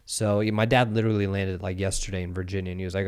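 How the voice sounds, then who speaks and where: A man's voice: low voice, steady tone, quick pace, hardly any pauses, smooth, no echo, studio quality. A man in his thirties in casual podcast chat, telling a story animatedly and acting out the voices of the people in it.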